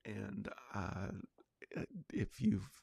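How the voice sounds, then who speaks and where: Gravelly rambling male podcast host. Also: on the low side, big pitch swings, extremely slow, mellow, dry recording. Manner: rambling, chatty, many fillers and restarts. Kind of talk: casual solo livecast chat.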